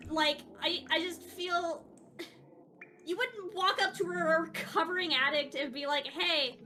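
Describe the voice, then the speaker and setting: A woman streamer chatting with friends on a call, animated and dramatic, with plenty of swearing. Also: extremely high pitch, measured pace. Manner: profane, animated, dramatic complaining. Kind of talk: casual chat with friends on a call. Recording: noisy streamed voice.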